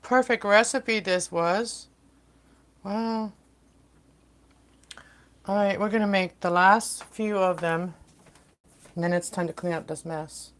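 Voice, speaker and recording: In a home kitchen, a woman hosts a casual baking livestream, chatting and rambling to her viewers and her kitten. Her voice is medium in pitch with fairly even intonation, and she speaks slowly with frequent pauses. There's noticeable background noise.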